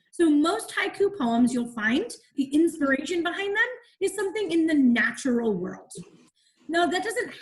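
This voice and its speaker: A woman's voice: high voice, a bit bright. A woman teacher leading an online class over a video call, encouraging the children and asking them questions as she explains.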